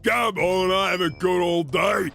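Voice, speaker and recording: A man shouting as a bossy wooden door guard. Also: high voice, unhurried, vocal fry, faint music behind, full character voice.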